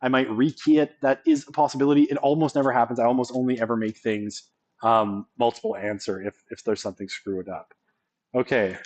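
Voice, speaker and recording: A man's voice: mid-range voice, fairly even intonation, a little fast. A man giving a casual college sociology lecture, often checking in with the class by asking "right?".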